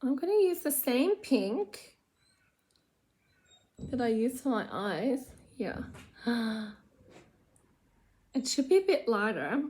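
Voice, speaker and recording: Rambling woman, fairly high voice. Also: very animated, slow, pauses often, darkish tone. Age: adult with children. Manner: rambling, chatty, self-mocking, drops to mutters. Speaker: vlogger doing makeup. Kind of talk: casual get-ready-with-me chat. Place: her room at home.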